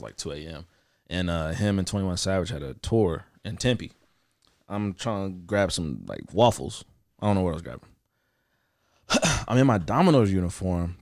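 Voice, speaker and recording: A man's voice: deep voice, lively intonation, normal speed, dry recording. Ontspannen man, lage stem, droog opgenomen. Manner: laid-back slang, drops to a mutter, then bursts loud when acting out. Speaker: podcast guest, rapper. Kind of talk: casual chat.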